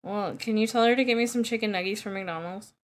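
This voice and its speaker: A woman's voice: mid-range voice, quick pace. A woman streaming a game live, chatting casually, joking, laughing often and explaining things at length. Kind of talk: casual chat while playing a game live.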